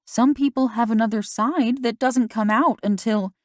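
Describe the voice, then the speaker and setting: A woman's voice: fairly high pitch, moderate pace, darkish tone, dry recording, pitched above the performer's own voice, close to an everyday voice. Woman reading caring mom, coaxing and probing, a bit lifted, dry close sound. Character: worried mother, gentle, probing.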